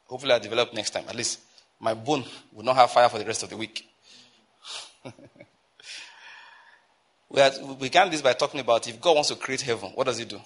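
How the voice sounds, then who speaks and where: A Nigerian man preaching a sermon as pastor, emphatic, climbing into urgent exhortation and slowing down to stress key phrases. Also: medium pitch, fairly bright tone, husky.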